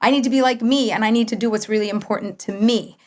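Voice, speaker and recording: A middle-aged woman with a somewhat high voice tells her personal story as a guest in a relaxed chat. She talks in an animated way and quotes her own past words with sudden leaps up in pitch. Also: quick pace. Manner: animated, quotes herself with big pitch jumps. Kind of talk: conversational storytelling.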